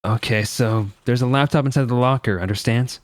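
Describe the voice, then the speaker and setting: A man's voice: medium pitch, brisk, no room sound. A young man casually chatting as a streamer while playing a game. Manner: relaxed, chatty. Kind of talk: casual let's-play commentary.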